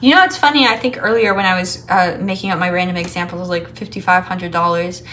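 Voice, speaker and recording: A woman giving a casual tarot reading to her viewers, chatty and rambling with lots of filler words, upbeat and quick to laugh. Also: mid-range voice, animated, pushed and bright, slight background noise. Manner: enthusiastic and upbeat, laughing easily. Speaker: tarot card reader.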